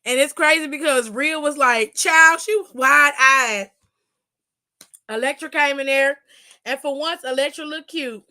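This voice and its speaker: She has a high, sharp voice and a steady tone, talking at a normal speed. As the aftershow host in a casual wrestling recap chat, she tells stories loosely, with plenty of profanity and gossip.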